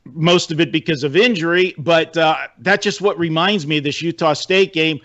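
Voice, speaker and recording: A man's voice: on the high side, normal speed, a bit bright. A man giving casual sports betting analysis, chatty and wry, with lots of fillers. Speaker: sports handicapper. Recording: dull lo-fi audio.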